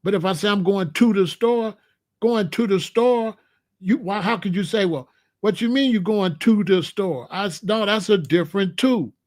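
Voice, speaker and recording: This livestream host has a high-pitched, somewhat dark-toned voice and a moderate pace. He preaches at the people in his chat, lecturing them and circling back to repeated phrases.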